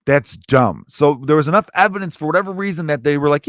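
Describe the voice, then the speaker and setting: A man from Chicago, a stand-up comedian and podcaster, ranting with profanity, swinging between loud outbursts and low mutters. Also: animated, fast, dry recording, clean studio sound. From Chicago, USA. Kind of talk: comedic rant.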